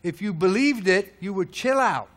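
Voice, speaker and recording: High-pitched male preacher, emphatic sermon delivery, rhetorical questions, sharp swings in volume. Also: expressive, normal speed. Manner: swings between loud peaks and low hushed lines.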